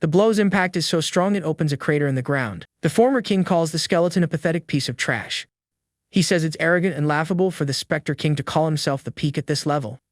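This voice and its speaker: A man narrating a comic story recap in a steady, even, scripted storytelling manner. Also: on the high side, fast, no room sound, clean studio sound.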